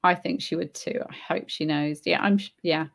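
A woman's voice: low-pitched, fairly even intonation, normal speed, vocal fry. A woman hosting a live stream, reading out viewer comments and answering them in a thoughtful, hesitant way, with many fillers and restarts. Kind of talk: casual live Q&A talk. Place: home in Spain.

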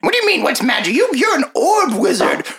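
A woman voicing a tiny old male gnome shopkeeper who talks in a high, folksy drawl. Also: sing-song, fairly quick, gravelly, a bit bright, husky, full character voice. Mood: teasing.

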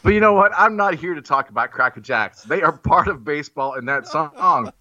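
A man delivers a theatrical, self-mocking comic speech. His voice is bright and a touch high. The recording is muffled and lo-fi. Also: expressive, brisk. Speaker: guest making a comic pitch. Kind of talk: playful mock-persuasive monologue.

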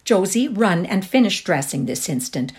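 A woman voicing a fussy, flustered upper-class mother who gives brisk orders in a raised voice. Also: mid-range voice, very animated, pitched above the performer's own voice, close to an everyday voice. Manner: dreamy and vague, then brisk and commanding.

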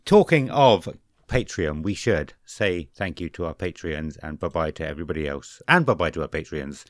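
A man co-hosting a podcast, joking around, stumbling over and correcting his words, reading names in a slow, drawn-out way. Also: deep voice, lively intonation, no echo, clean studio sound. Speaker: podcast co-host. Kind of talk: casual podcast chat.

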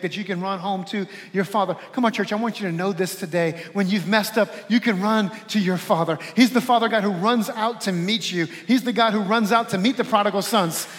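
A man pastor preaching a sermon to his congregation, calling out to the crowd with a preacherly manner. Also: high voice. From Louisiana. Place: church sanctuary. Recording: reverberant church hall.

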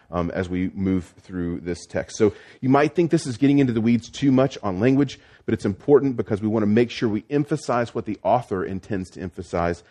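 Lower-voiced male pastor explaining scripture. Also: warm tone. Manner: teaching, explanatory, with frequent restarts. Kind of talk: sermon.

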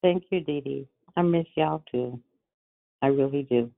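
A woman from California hosting a morning prayer call, affirming others and softly repeating phrases. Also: rumbling low, unhurried, creaky. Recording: phone-line call audio.

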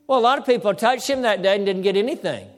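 A man with a high-pitched voice delivers a sermon as a pastor. He calls out for amens from the congregation and slows his pace to lean on the words that matter. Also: in a large hall. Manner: preaching with call-and-response, slowing to stress key words.

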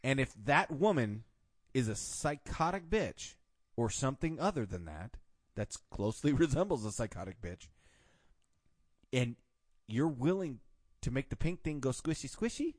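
A man's voice: medium pitch, very animated, moderate pace, no room sound, clean studio sound. Blunt profane podcast host, man. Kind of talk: casual podcast chat.

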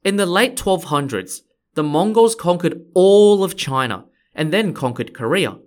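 A man's voice: sits high, lively intonation, measured pace. A man, hosting a history podcast in friendly, explanatory scripted narration. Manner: friendly, explanatory, occasionally playful. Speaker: podcast host.

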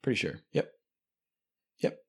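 A young man hosting a podcast, chatting casually and rambling with many fillers and curse words. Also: measured pace. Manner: rambling, profane, frequent fillers. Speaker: podcast host. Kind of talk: casual chat.

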